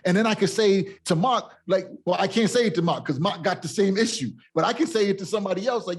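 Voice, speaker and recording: Emphatic high-voiced man, husky. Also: fast, hardly any pauses. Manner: emphatic, streetwise, asks "you see what I'm saying". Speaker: co-host. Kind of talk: casual podcast chat.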